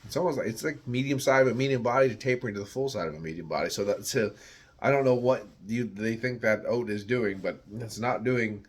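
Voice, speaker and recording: A man's voice: medium pitch, brisk. A man from the United States giving a casual, rambling beer tasting review, searching for words and swearing now and then.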